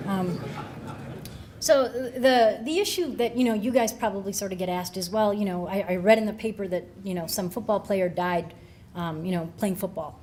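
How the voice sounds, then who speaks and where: A woman's voice: mid-range voice, a little mellow. A middle-aged woman speaks from a podium as a researcher addressing a room of coaches. Her talk is loose and conversational, with frequent ums and restarts. Her voice sits in a middle range, with a faint hiss in the room behind her. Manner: conversational, many fillers and restarts. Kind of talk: conference talk.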